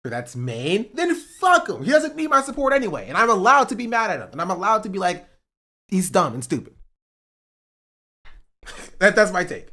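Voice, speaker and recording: A man ranting on a livestream about politics. He swears, says "bro" and repeats himself, swinging between loud outbursts and muttering. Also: sits high, big pitch swings, moderate pace, pauses often. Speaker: streamer. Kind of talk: heated political rant on a livestream.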